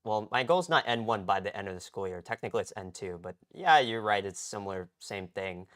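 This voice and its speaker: Rambling young man, smooth voice. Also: on the low side, animated, brisk, a bit bright. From United States. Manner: rambling, repeats "okay?" and restarts often. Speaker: streamer. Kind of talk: casual live-stream chat. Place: home garage.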